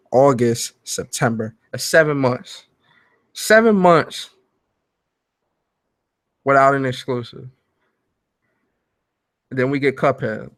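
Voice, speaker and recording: A man hosting a live gaming talk show from home, animated and profane, laughing loudly and reading chat messages aloud. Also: medium pitch, no echo. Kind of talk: live-streamed commentary chat.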